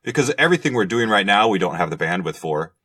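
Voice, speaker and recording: Man, very deep voice, dry teasing, guest on a video call. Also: sing-song, fast talker, sharp tone, breathy edge. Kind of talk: casual chat on a video call.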